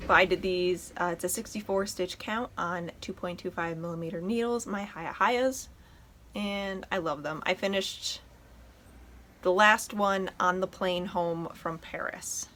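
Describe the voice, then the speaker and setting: A woman's voice: lowish voice, steady tone, measured pace, a bit bright. Woman, knitting podcast host, casual chatty show-and-tell, enthusiastic, at home. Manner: chatty, enthusiastic, talks to her dog.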